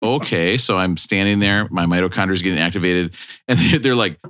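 A man's voice: low-pitched, brisk. A man hosting a podcast, telling a story in casual chat and acting out what people said to him. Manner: animated, acts out quotes from people in his stories. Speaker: podcast host.

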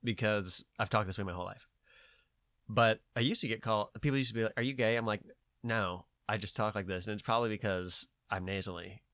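Speaking briskly in a lowish, nasal voice, this podcast host tells a meandering, profanity-laced story with plenty of animation during a casual chat. No room sound is audible.

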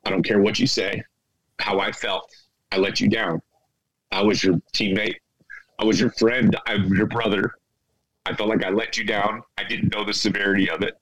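A man's voice: on the low side, little pitch movement, a bit bright, poor audio. Choked-up man pouring his heart out. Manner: choked up, halting, repeats himself. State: tearful. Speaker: former teammate, guest. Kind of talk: emotional heartfelt confession.

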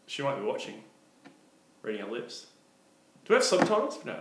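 A man's voice: medium pitch, huge pitch swings, normal speed. An Australian man co-hosting a podcast, cracking crude jokes in casual banter. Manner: joking, crude asides. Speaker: podcast co-host. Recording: echoey room with faint noise.

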